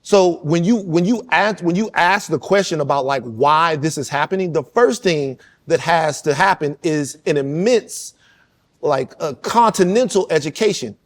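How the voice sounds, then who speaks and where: A man with a fairly high voice talks on a podcast panel. He speaks with passion and tells stories, driving his points home by repeating them. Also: moderate pace. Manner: passionate, storytelling, emphatic repetition. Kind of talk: casual panel discussion.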